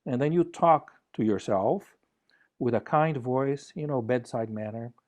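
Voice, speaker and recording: A man giving a relaxed conference talk over a video call, joking playfully and gently guiding listeners through exercises. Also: medium pitch, unhurried. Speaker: conference speaker.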